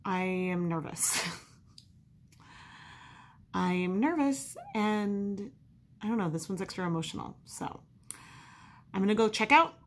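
A woman's voice: mid-range voice, a little slow, long pauses. Woman, home vlogger, candid chatty delivery. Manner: chatty, candid, frequently laughing. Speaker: yarn dyer and vlogger. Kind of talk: casual vlog. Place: home studio and garage.

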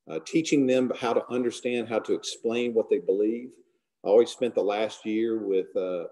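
Brief: male Bible study teacher, low gravelly voice, casual storytelling delivery. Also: mellow. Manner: conversational, retells scripture with acted-out dialogue.

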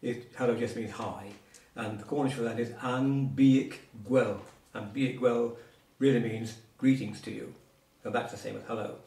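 In a warm, creaky, medium-pitched voice held steady at a moderate pace, a man patiently teaches Cornish words one-on-one. His informal explanations include asides and examples. The sound is roomy and comes from a distance.

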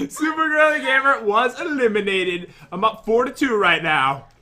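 A man's voice: very high voice, normal speed, background noise. A man hosting a gameplay video, teasing his co-player and boasting about his wins while reading out game prompts. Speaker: gaming channel host. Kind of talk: playful gameplay commentary.

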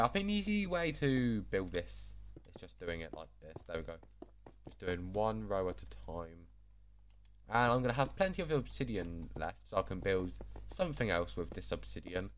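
A man casually commenting while building in a video game, chatty, rambling and self-deprecating. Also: low-pitched. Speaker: gaming channel host.

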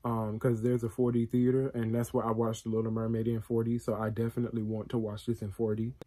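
A man hosting a reaction video, talking in a casual, excitable and emotional way with plenty of slang. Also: medium pitch, quick pace.

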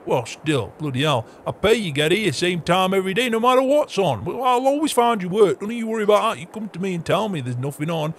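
A man's voice: high-pitched, lively intonation, brisk, hardly any pauses, a little hiss or hum. An actor playing a grumpy old male farm boss, grumbling, swearing and scolding in a game roleplay.

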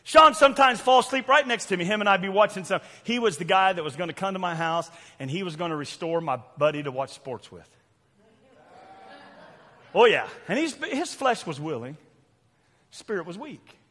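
An older man with a Southern US accent preaching a fiery sermon, loud and preachy with sudden shouts and quiet asides. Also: high voice, animated, moderate pace. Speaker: pastor. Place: church sanctuary. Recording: long church hall reverb.

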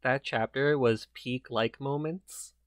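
A man's voice: medium pitch, steady tone, takes it slowly, dry recording, clean studio sound. A man hosting a podcast in casual chat, chatty and self-deprecating, with many fillers. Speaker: podcast host and author.

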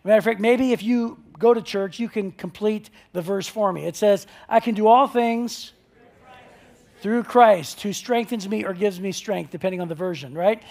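High-voiced gravelly male preacher. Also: normal speed, a little mellow. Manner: conversational, joking storyteller. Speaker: pastor. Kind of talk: sermon.

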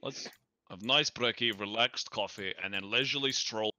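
Playful New Zealand male player, bright voice, dull audio. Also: fairly low pitch, normal speed. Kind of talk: casual chat.

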